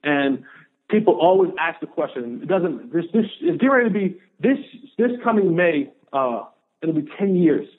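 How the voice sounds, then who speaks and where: A man telling a personal story in an interview, animated and acting out the dialogue he quotes. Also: a little high, moderate pace. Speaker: podcast guest, former pro football player. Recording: narrow phone-like audio.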